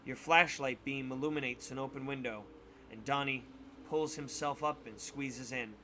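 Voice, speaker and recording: A man reading a spooky choose-your-path book aloud with dramatic, expressive narration. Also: medium pitch, normal speed, slight background noise. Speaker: storybook reader on a stream.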